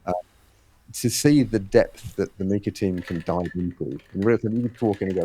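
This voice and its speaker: A man's voice: low-pitched, steady tone, fast, dark tone. A man being interviewed on a podcast, explaining at length with many fillers and quoted exchanges. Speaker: guest, head of a fitness race series.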